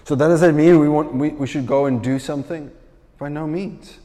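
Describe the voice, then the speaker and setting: Animated preaching man in a reverberant hall. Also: a little high, moderate pace. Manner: animated storytelling, acts out quoted voices. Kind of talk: sermon.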